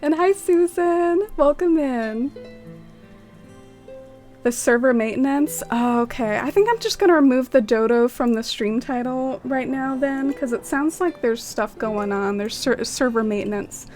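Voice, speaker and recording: A woman's voice: sits high, lively intonation, a little slow, darkish tone, soft background music. A woman streaming a game, chatting casually, greeting viewers by name and using lots of "like". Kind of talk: casual live-stream chat.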